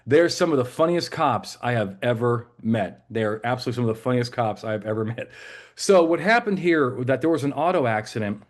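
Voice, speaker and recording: A man's voice: mid-range voice, expressive, brisk. A man teaching police law in a live webinar, conversational and joking, with many fillers and restarts. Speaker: legal trainer for police.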